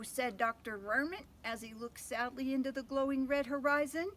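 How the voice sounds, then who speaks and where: An older woman reading a picture book aloud to children, gentle and pausing to ask them questions. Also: mid-range voice, creaky, slight background noise. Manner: gentle, asks listeners questions. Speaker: storyteller.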